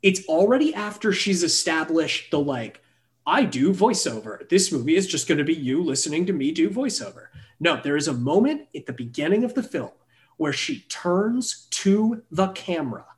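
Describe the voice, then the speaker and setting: A man co-hosting a casual film podcast, animated and swearing freely as he argues his point. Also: a little high, normal speed. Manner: animated, swears freely, launches into mocking asides. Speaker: podcast co-host. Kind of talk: casual film review chat.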